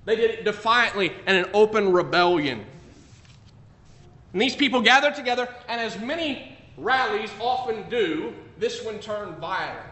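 A man preaching a sermon, emphatic, swinging between loud declarations and quiet asides. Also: moderate pace. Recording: echoey room with faint rumble.

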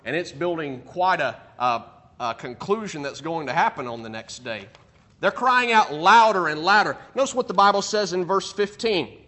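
High, bright-voiced man teaching a Bible class. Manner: animated, acts out quoted speech with rising emphasis; thinking aloud with restarts while checking notes.

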